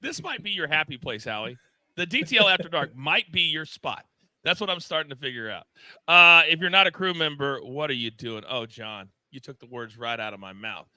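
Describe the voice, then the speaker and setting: A man hosting a live sports betting show, talking in an excitable, loud, self-deprecating way. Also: on the high side, brisk, no room sound. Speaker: host.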